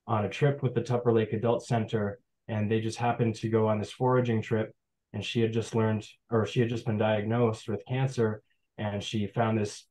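A man's voice: fairly low pitch, a little mellow, rough recording. A young man from the Adirondacks, a forager giving a casual online presentation in a chatty, rambling storytelling way over a video call. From Adirondacks, New York.

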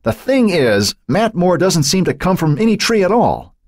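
A man voicing a gruff, irritable male editor who growls and grumbles in an audiobook. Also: sits high, sing-song, normal speed, no echo, clean studio sound, voice pushed up, exaggerated voice. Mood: grumbling.

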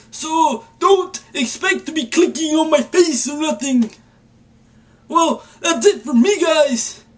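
A vlogger chatting casually while putting on a mock vampire voice that keeps slipping into an old-man voice, joking at their own expense. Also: high-pitched. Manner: jokey and self-mocking. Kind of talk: casual video blog.

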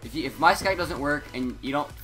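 Rambling excitable teen boy gamer. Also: on the high side, a little fast, a little hiss or hum. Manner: scattered, self-interrupting, excitable. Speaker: gaming YouTuber. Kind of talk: rambling casual commentary.

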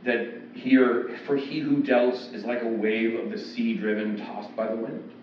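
In a church sanctuary, a male pastor delivers an expository sermon in an unhurried, level, mid-range voice, keeping it loose and conversational and performing the quoted voices. There's a bit of hiss or hum on an echoey, distant, dull recording.

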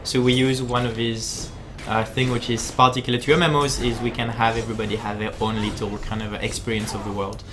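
Halting, chatty male game designer. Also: medium pitch, level tone, background noise. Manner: halting, with many fillers and repeated words; chatty and jokey. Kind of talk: live-stream commentary while playing.

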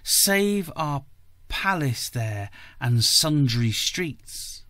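A man voicing a frightened nobleman who speaks in a hoarse, shaken voice in a story reading. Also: fairly high pitch, lively intonation, extremely slow, sharp tone, no echo, full character voice. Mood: fearful. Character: frightened young nobleman, trembling.

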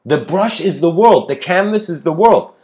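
A man's voice: high voice, animated, normal speed, a little mellow. A man giving an improvised spiritual lecture, rambling with frequent restarts and casual asides. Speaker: spiritual speaker.

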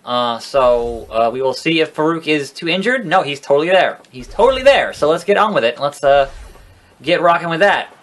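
A man with a slightly high voice gives loose, casual gameplay commentary. He jokes constantly and swears freely. He gets excitable as the action turns. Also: normal speed. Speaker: let's play gamer.

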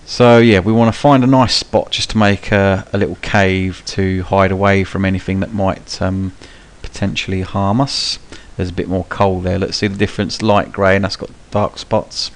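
A young man talks viewers through a game in a low, easygoing voice. His live commentary rambles, full of ums and restarts, with cheeky swearing thrown in. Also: level tone, normal speed, hardly any pauses. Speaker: gaming channel host. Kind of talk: live gameplay tutorial commentary.

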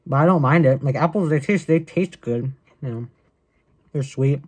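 A man's voice: mid-range voice, moderate pace, a little mellow, breathy edge. A young man rambling in a casual vlog, crude and joking, swearing often. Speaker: vlogger.

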